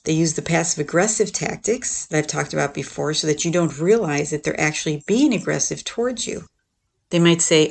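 A podcast host talking through ideas in an easy, conversational way, often tossing in "right?" and "you know". The voice has a gravelly, creaky edge and sits at a middling pitch. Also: fairly quick. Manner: acts out quoted lines in a lifted, animated voice. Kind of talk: casual explanatory talk on relationships.

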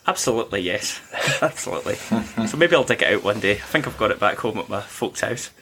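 A man hosting a podcast, chatting casually about films in a measured, mildly wry way. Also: on the low side, animated, gravelly, bright, forceful tone, slight background noise. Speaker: podcast host. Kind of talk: casual film review chat.

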